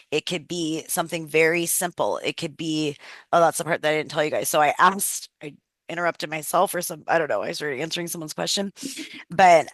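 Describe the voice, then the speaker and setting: A woman's voice: low-pitched, a bit bright, dry recording. A woman in her thirties leading a wellness workshop on a video call, telling personal stories in a chatty, candid way and swearing freely.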